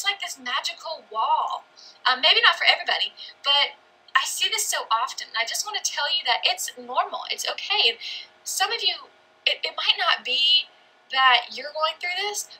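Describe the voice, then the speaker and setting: A woman's voice: high voice, slightly rough, poor audio. A young woman leading a team call, talking energetically and acting out what people say. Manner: energetic, acts out quotes. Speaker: team leader.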